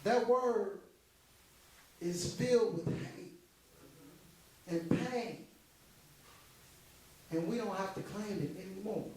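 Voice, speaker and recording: A man's voice: high-pitched, a little mellow. An actor on a theater stage playing a veteran male stand-up comic who teases the crowd and then turns reflective. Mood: earnest. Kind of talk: live stage stand-up impression. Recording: very echoey hall heard from far off.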